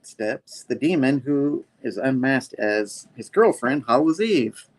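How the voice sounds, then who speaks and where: A man's voice: mid-range voice, lively intonation, takes it slowly. A man hosting a casual comic book review, retelling the story playfully with sound effects. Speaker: host.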